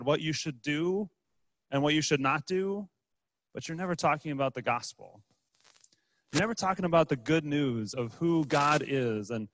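A man's voice: fairly high pitch, fairly bright tone, no echo, poor audio. A man preaching a conversational sermon as pastor, asking the congregation questions and pointing to objects as he talks. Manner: casual, asks the congregation rhetorical questions, uses props.

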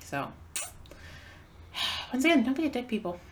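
A woman's voice: a little high, very animated, unhurried. A woman co-hosting a podcast, telling a story in casual chat, acting out quotes and swearing freely. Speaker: podcast co-host.

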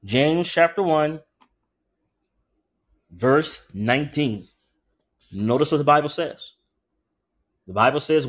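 A man preaching a sermon who talks casually with the congregation and slows way down to read scripture aloud. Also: fairly high pitch. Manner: conversational, animated preaching with frequent asides to the congregation.

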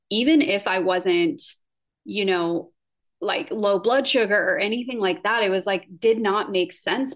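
A woman in her thirties telling a personal story in a casual vlog, chatty and full of fillers. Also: medium pitch. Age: 30s. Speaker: vlogger.

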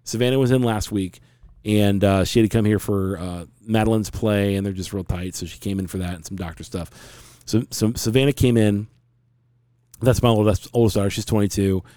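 A man in his forties tells a long personal story in an earnest, rambling way, as on a casual podcast. His voice sits a bit low and sounds mellow and warm. The recording is close and dry. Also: fairly even intonation, a little fast, dry recording.

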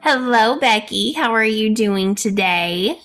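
Woman, thirties, Arkansas Southern accent, bright tone, folksy podcast co-host. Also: a little high, animated, slow, faint music behind. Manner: friendly, folksy, laughs often. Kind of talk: casual chat.

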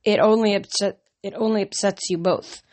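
A woman's voice: medium pitch, steady tone, normal speed, darkish tone, close to an everyday voice. A woman reader voicing a male god and absent father who speaks in a grave, restrained, sad way in a storybook. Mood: sorrowful.

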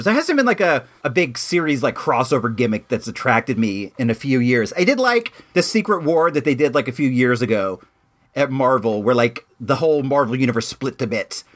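A man's voice: mid-range voice, a bit bright. A man talking casually on his own show, rambling with frequent fillers and restarts and making jokes at his own expense. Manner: self-deprecating and joking. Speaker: podcast host. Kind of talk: casual solo chat. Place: home bathtub.

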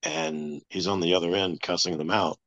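A man telling a long personal story as an interview guest, in a flat, matter-of-fact way. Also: low-pitched, moderate pace, no room sound. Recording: dull lo-fi sound.

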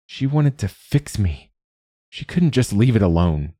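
A man's voice: lowish voice, very animated, unhurried, mellow. A man doing a prickly grieving old man. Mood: frustrated. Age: over 60. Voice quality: curt, defensive.

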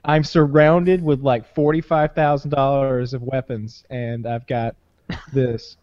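A man's voice: medium pitch, little pitch movement, measured pace. A man hosting a casual chat, rambling and laughing often, swearing freely. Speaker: podcast host. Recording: dull dry close-mic sound.

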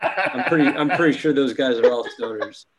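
A man's voice: mid-range voice, moderate pace, heavy background noise. Joking male podcast co-host. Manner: joking, laughing asides. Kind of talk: casual podcast chat.

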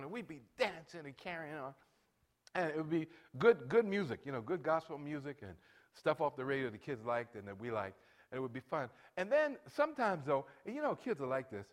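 A pastor in his late sixties preaches a sermon, sharing family stories and directing the band and congregation. His voice is a little high and rises loud for emphasis.

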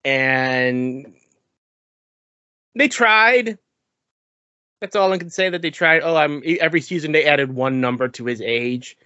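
An animated man in casual podcast chat, mid-pitched and lively, who stumbles over repeated words and breaks into mimicry. The sound is dry and close, a little dull and lo-fi. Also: normal speed, clear, resonant tone, dry recording. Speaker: podcast co-host.

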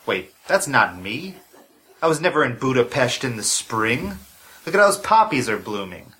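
A sarcastic, grumpy adventurer from a comedy audio drama, voiced by a man. His voice has a bright, forceful edge and a mid-range pitch. He delivers put-downs in a dry, deadpan way. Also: normal speed.

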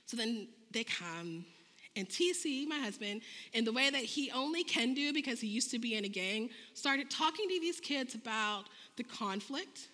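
A woman in her thirties giving a sermon full of stories, acting out conversations with lively jumps in her voice. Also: moderate pace. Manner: animated, acts out dialogue with big pitch jumps. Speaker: preacher. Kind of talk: sermon with storytelling. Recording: long reverb of a large hall.

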